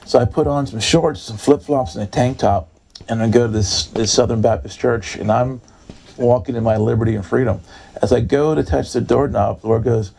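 A man's voice: normal speed, vocal fry. A man preaching through a personal story, acting out both sides of the dialogue and filling gaps with "da, da, da". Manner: animated storyteller, acts out dialogue with big pitch jumps, fills with "da, da, da". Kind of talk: storytelling sermon.

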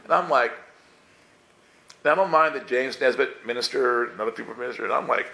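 Against a noisy background, a man with a creaky, mid-range voice talks a little fast as he tells a church group a funny personal story. He's animated, chuckling while he dramatizes what went through his head.

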